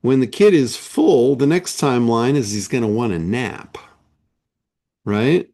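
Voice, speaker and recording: Brief: male coach, unhurried measured delivery, emphatic rhetorical style, mid-pitched. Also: lively intonation, dark tone. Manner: slow, emphatic, with rhetorical questions. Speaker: business coach. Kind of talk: motivational monologue.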